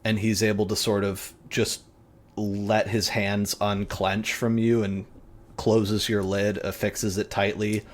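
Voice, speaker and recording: Slow, low-voiced male game master. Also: little pitch movement, slight background noise. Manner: casual, vivid and profane, with many fillers. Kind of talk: narrating a tabletop game.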